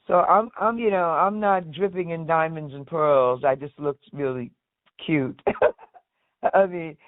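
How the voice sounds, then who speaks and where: Woman, guest interview, lively storyteller, acts out quotes, thin phone-like sound, dry. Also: low voice, takes it slowly, no room sound. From United States. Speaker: guest, singer. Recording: tinny phone-like line, dry.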